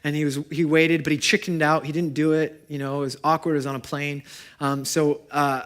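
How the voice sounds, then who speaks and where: A man, a pastor preaching a sermon and telling stories, swinging from loud emphasis to quiet, intimate moments. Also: a little high, little pitch movement, fairly quick. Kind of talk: sermon with storytelling. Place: church service.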